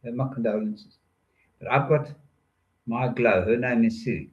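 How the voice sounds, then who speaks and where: A man's voice: mid-range voice, a little slow, lo-fi sound. An older man telling rambling stories in a playful monologue, joking and drifting from one topic to the next. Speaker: storyteller.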